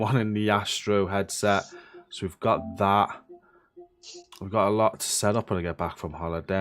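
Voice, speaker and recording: A young Welsh man hosting a live game stream, sleepy and swearing casually while reading out chat. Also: deep voice. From Wales. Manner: swears freely, reads chat names aloud. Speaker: streamer host.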